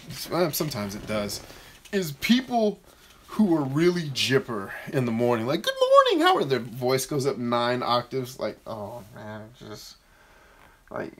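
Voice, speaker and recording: A man talks loosely to his live chat, reading comments aloud and answering them bluntly. He jokes as he goes and now and then mocks a shrill, overexcited voice. His voice sits at an ordinary middle pitch for a man. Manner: blunt, joking, reads viewer comments aloud. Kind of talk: casual live-stream Q&A.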